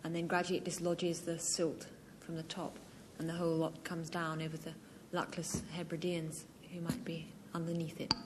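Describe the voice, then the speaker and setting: A woman on a TV panel game, calmly giving a matter-of-fact definition. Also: low-pitched, normal speed, few pauses, slight background noise. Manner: composed, matter-of-fact bluffing.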